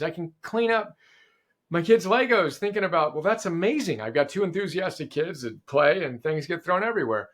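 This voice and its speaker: A middle-aged man as a podcast guest in casual conversation, animated and enthusiastic, often quoting sayings. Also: fairly high pitch.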